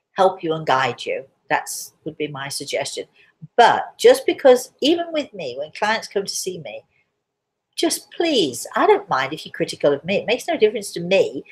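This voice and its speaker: A hoarse woman with a cough, hosting a live spiritual Q&A, chatty and reassuring, calling listeners darling. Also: mid-range voice. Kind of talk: live-stream chat answering viewers.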